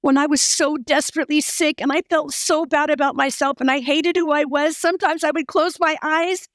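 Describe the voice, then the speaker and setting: A woman's voice: high-pitched, steady tone, a little fast, no room sound, studio quality. A woman pastor preaching a passionate, emphatic sermon full of repeated phrases.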